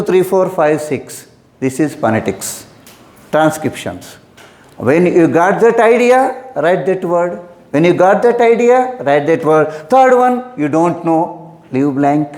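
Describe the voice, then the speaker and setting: Male English teacher, slow and deliberate, pitched a bit high, echoey room. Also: darkish tone. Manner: repeats instructions, addresses students as "my dear". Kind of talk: exam-preparation lesson.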